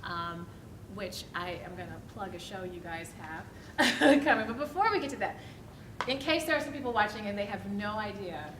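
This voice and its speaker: A woman's voice: medium pitch, lively intonation, moderate pace, fairly bright tone. Lady emcee hyping the crowd, echoey room, noisy. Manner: upbeat, hype-building. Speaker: host. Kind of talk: live event hosting. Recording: echoey venue with noise.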